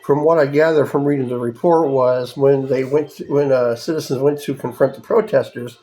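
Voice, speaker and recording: A man's voice: mid-range voice, fairly even intonation, normal speed, dark tone, faint music behind. A man hosting a podcast, ranting angrily with heavy swearing and mocking voices. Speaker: podcast host. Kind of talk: profane ranting monologue.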